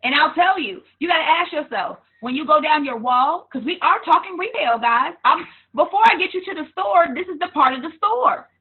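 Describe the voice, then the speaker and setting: A woman business coach giving a blunt, animated motivational talk on selling through social media, sometimes hollering with laughter. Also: high voice, moderate pace. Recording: tinny phone-like sound.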